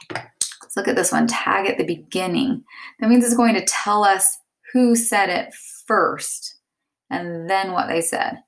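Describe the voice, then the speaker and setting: A woman's voice: on the low side, vocal fry, a bit bright. A woman teacher explaining step by step and reading example sentences aloud. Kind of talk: classroom lesson.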